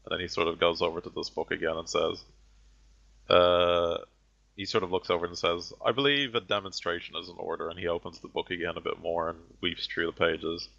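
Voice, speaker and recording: A man's voice: low voice, completely flat delivery, fairly quick, vocal fry, a bit bright. A man narrating a tabletop game as game master, hesitant with many fillers. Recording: dull lo-fi audio.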